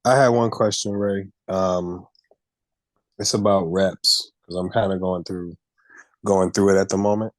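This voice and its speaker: A man in the audience asking a guest a halting, hesitant question. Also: low voice, fairly even intonation, no echo.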